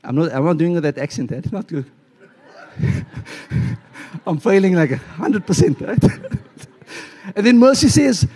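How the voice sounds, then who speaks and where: A male pastor preaching a sermon in a church, animated and playful, acting out little voices as he tells a story. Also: high-pitched, a little slow, long pauses, breathy edge.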